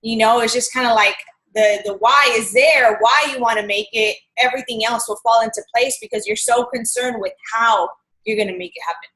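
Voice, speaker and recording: Bright-voiced woman co-hosting a talk. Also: on the high side, fairly quick, low-quality recording. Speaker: co-host. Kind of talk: motivational talk.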